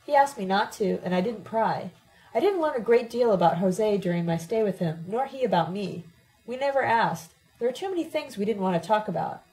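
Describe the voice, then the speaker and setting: A woman narrates a first-person story as an audiobook. Her reading is steady and plain. Her voice has a mellow, warm color. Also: medium pitch, fairly quick, rough recording. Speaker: audiobook reader.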